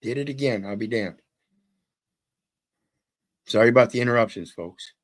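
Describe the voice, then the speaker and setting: A man's voice: medium pitch, normal speed. A man hosting a podcast, talking to his audience in a loose, slangy way. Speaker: podcast host. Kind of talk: casual commentary.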